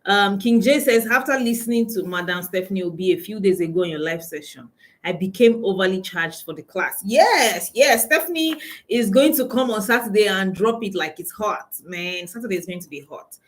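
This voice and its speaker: A woman's voice: mid-range voice, moderate pace, low-quality recording. A woman with a Nigerian accent, a coach hosting a casual live stream from her phone, greeting viewers by name and laughing often.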